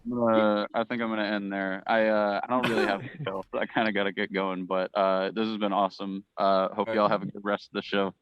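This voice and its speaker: A man on a casual podcast panel, reading jokes and tweets aloud in a deadpan way and often breaking into laughter. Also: lowish voice, brisk, hardly any pauses, lo-fi sound.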